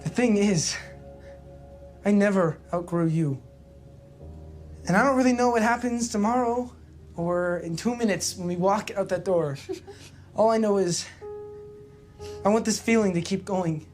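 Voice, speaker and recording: A man's voice: sits high, a little mellow, faint music behind. An earnest teenage boy in love. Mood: tender. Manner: tender, heartfelt, halting. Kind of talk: teen drama series dialogue.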